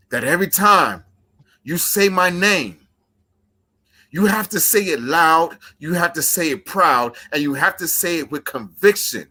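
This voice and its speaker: A man's voice: fairly high pitch, sharp tone. A man cutting a wrestling promo, intense and emphatic, repeating lines for effect.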